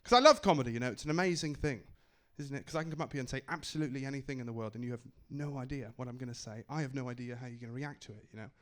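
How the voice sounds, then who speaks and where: A man's voice: medium pitch, racing, hardly any pauses, fairly bright tone. A man performing stand-up comedy on a club stage with a handheld mic, wry and self-mocking, with punchy timing.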